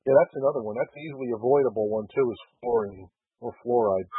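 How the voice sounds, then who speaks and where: A man's voice: medium pitch, fast talker, breathy edge, no room sound. A man hosting a casual call-in chat, rambling with restarts and fillers. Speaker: host. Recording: tinny phone-line audio.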